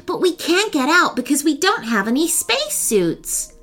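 A woman voicing a calm young boy captain. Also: sits high, normal speed, faint music behind, pitched above the performer's own voice.

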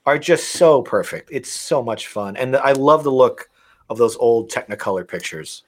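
Lively man chatting about films. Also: medium pitch, moderate pace. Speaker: podcast co-host. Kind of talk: casual film chat.

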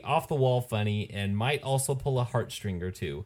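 A young man co-hosting a podcast, chatting casually and reading out news items in an easygoing, halting way. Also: medium pitch. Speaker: podcast co-host.

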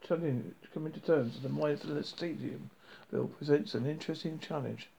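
A man voicing Ford, a quick-witted man who needles his captor with probing, mocking questions. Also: a little high, vocal fry, dark tone, a little hiss or hum. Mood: needling. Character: quick-witted, scheming alien traveller Ford, adult man. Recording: dull lo-fi recording.

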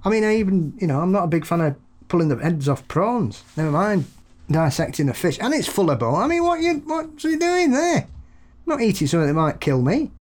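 A man's voice: a little high, big pitch swings, fast. Jokey man telling rambling stories. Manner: jokey, rambling anecdotes with laughs. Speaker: podcast co-host. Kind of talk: casual chat.

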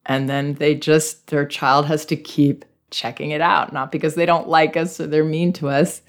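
Gentle woman giving parenting advice. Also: low voice, flat delivery, normal speed. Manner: gentle, reflective, acts out child and parent voices. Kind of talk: podcast advice monologue.

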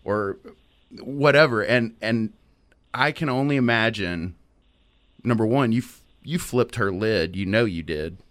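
A man's voice: fairly low pitch, measured pace, fairly bright tone, no echo. A man hosting an interview in a casual, loose way, restarting his thoughts as he goes. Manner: loose, swears, trails off and restarts. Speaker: host.

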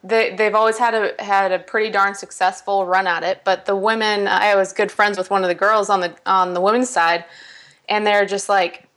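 A woman's voice: mid-range voice, little pitch movement, normal speed, fairly bright tone. Chatty woman, rower guest. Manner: chatty, many fillers and restarts. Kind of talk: casual podcast interview.

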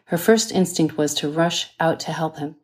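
Lowish woman narrating a thriller. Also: darkish tone. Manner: measured, dramatic reading. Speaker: author reading her novel. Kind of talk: audiobook narration.

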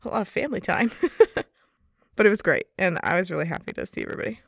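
A woman co-hosting a podcast tells a story in casual chat, laughing often. Her mid-range voice is gravelly yet fairly bright, and she talks fast. The recording is dry and clean, studio quality.

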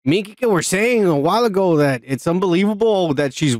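A man's voice: high voice, lively intonation, a little fast, darkish tone, no echo, clean studio sound. A man co-hosting a casual podcast, reading viewer comments and joking in a rambling, profane way with lots of fillers. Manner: profane, rambling, many fillers and repeated yeahs. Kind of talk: casual drunk podcast banter.

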